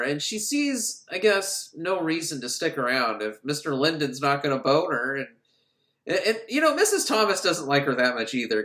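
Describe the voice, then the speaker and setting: A man's voice: a little high, a bit bright. Rambling, sarcastic man recapping a film. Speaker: film reviewer. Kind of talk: comic movie recap. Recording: echoey room.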